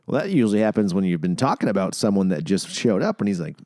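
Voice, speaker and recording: A man's voice: lowish voice, fast, no echo, studio quality. A man co-hosting a podcast who chats casually and tells swearing-laced stories, acting out the voices in them. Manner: animated storytelling, acts out quotes, swears a lot. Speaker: podcast co-host. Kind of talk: casual chat.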